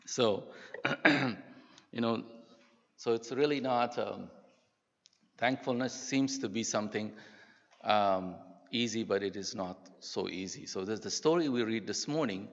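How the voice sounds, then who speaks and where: An older pastor preaches in an earnest, halting way with a fairly low voice. He speaks in a church sanctuary, and the sound is dull and lo-fi with a long reverb trailing off the hall. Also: vocal fry. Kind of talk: sermon.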